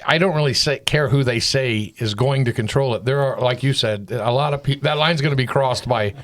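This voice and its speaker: A man's voice: mid-range voice, fairly quick. A man in his fifties hosting a casual church panel discussion. He rambles and retells stories using quoted dialogue. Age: 50s. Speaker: host.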